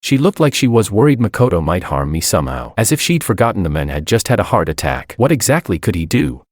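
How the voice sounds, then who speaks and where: A man's voice: lowish voice, very animated, quick pace, no room sound, studio quality. A man reading a first-person story aloud, with wry, exasperated asides. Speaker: narrator.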